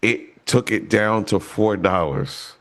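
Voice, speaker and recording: A man's voice: fairly low pitch, expressive, takes it slowly, fairly bright tone. A man co-hosting a casual movie podcast, telling a story in a loose, rambling way with many restarts. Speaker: podcast co-host.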